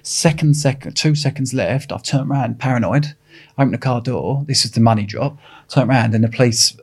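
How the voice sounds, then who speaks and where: A man's voice: mid-range voice, brisk, a little mellow, slightly rough. A middle-aged man with an Essex accent, telling his story bluntly in an interview, swearing casually and restarting his sentences. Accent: Essex English. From England. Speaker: interview guest.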